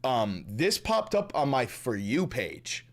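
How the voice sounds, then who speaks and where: A man's voice: mid-range voice, big pitch swings, slow. A man hosting a livestream, chatting loosely and profanely while reading viewer messages aloud. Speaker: livestream host. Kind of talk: casual stream chat.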